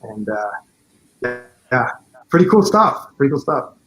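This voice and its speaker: A man in a relaxed interview talks through how his fan film came together. He rambles, leaning on fillers and restarting his sentences. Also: medium pitch, a little slow, soft background music, poor audio. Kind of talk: casual interview chat.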